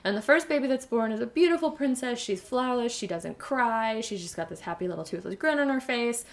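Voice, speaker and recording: A young woman chatting casually and retelling a fairy tale in a rambling, animated way. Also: on the high side, brisk.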